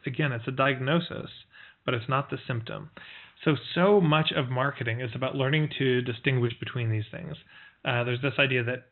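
A man's mid-range, steady voice moves at a moderate pace through a spoken marketing lesson. As a coach, he teaches conversationally, illustrating points with stories amid fillers and restarts. Audio quality is tinny and phone-like.

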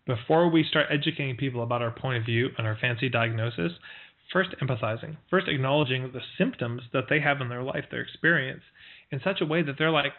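A man's voice: medium pitch, a little fast. A man giving a spoken marketing lesson in a conversational way, full of fillers and restarts, telling stories to make his points. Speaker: marketing coach. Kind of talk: spoken teaching talk with stories. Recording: tinny phone-like audio.

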